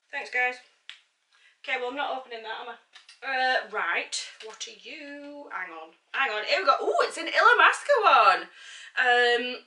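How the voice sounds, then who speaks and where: A woman's voice: a little high, sharp tone, reverberant, recorded from a distance. A woman unboxing beauty products, chatty and self-mocking, reading product blurbs aloud. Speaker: beauty vlogger. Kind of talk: casual unboxing chat.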